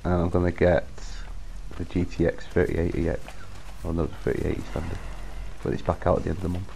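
A man in casual chat with friends while gaming, explaining things quickly. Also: low-pitched, monotone, creaky, mellow, slight background noise, poor audio.

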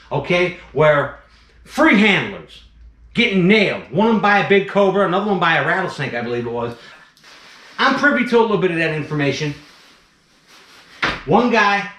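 Fired-up snake breeder ranting bluntly. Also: male voice, high-pitched, a bit bright, reverberant. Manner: blunt, fired-up, repeats himself. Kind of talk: impassioned vlog rant.

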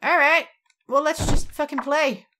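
A young adult woman giving jokey, excitable and profane commentary while she plays a game. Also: sits high, measured pace, slight background noise. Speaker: let's play gamer. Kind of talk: casual gameplay commentary.

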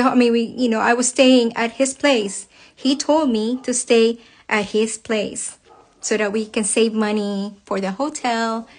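Woman, higher-pitched, angry, hurt, emphatic, repetitive, venting to followers. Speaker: psychologist. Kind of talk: emotional personal account to followers.

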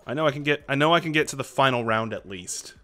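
A man streaming a video game live, reacting excitably and chatting to his viewers. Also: medium pitch, fast talker, faint music behind. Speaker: Twitch streamer.

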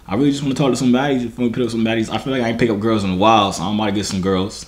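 A man's voice: fairly low pitch, fairly even intonation, very fast, hardly any pauses. A young man vlogging in casual chat, slangy and asking "you feel me" again and again.

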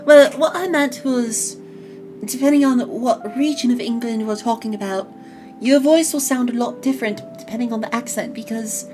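A woman's voice: a little high, a little mellow. A woman hosting a casual podcast, explaining with emphasis. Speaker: podcast host. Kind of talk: casual chat.

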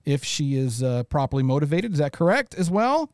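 A man's voice: on the high side, very animated, a little fast, dry recording, studio quality. A man hosting a podcast panel, introducing guests with playful jokes. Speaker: host. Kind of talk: casual podcast panel chat.

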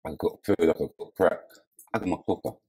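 A man's voice: low voice, fairly even intonation, a little fast, mellow, breathy edge, low-quality recording. A man doing brash, crude comic banter as a comedian on a dating show, cocky and swaggering.

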